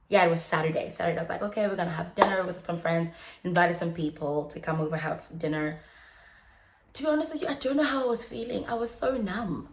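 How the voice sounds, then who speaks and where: A young adult woman vlogging in a casual, chatty way, animated and laughing often, with many fillers. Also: fairly low pitch. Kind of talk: casual chat. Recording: echoey room.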